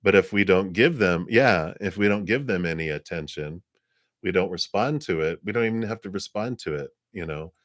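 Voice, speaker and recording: A man hosting a live psychic reading stream, talking in a rambling, gentle way with frequent laughs and fillers. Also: low-pitched, expressive, normal speed, dry recording, clean studio sound. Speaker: psychic reader.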